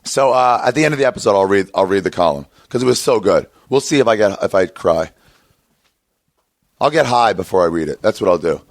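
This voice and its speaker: Low-voiced man rambling through a podcast intro. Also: a little fast, dry recording, clean studio sound. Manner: rambling, profane, animated storytelling. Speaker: podcast host. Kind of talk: casual chat. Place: outdoor patio by a street.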